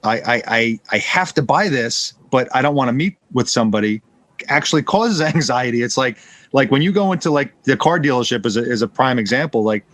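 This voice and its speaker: A man's voice: mid-range voice, no room sound. A man hosts a podcast, agreeing readily and chatting with plenty of fillers. His voice is recorded close and dry, with no room sound. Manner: affirming, frequent agreement, filler-heavy. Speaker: podcast host. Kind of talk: casual interview chat.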